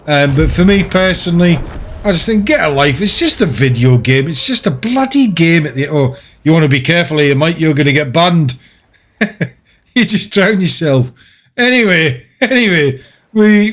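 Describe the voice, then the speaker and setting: A man giving casual, ranting commentary over his gameplay, chatty and often laughing. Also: a little high. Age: older. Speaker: gaming YouTuber.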